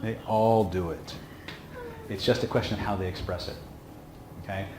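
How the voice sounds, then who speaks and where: A man's voice: fairly low pitch, fairly even intonation, moderate pace. Man lecturing, checking in with "okay?". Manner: casual, emphatic, with frequent "okay?" checks. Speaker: instructor. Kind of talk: seminar lecture. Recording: echoey room with faint hum.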